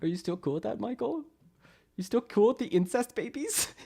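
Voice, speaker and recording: A man's voice: high voice, lively intonation, normal speed, creaky, dark tone, a little hiss or hum. A man from Canada ranting sarcastically on a live stream, mocking chat with laughs and put-on voices. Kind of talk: casual live-stream rant.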